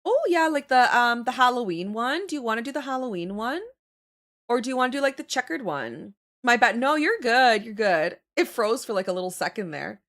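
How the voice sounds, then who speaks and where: A young woman chats casually on a livestream while she draws, laughing often and greeting her viewers. Her voice sits a bit high and moves around a lot in pitch. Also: lively intonation, brisk, fairly bright tone. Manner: chatty, laughs often, reads chat aloud. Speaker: livestream host.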